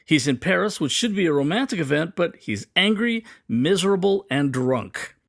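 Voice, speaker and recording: Lively man teaching poetry. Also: a little high, gravelly, dry recording, clean studio sound. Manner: lively, reads quoted lines slowly and dramatically. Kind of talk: explanatory lesson with poem readings.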